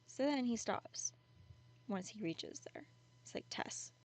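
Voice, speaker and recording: A woman's voice: a little high, lively intonation, measured pace, a little mellow. A woman casually retelling a creepy story in a chatty, conversational way with many fillers.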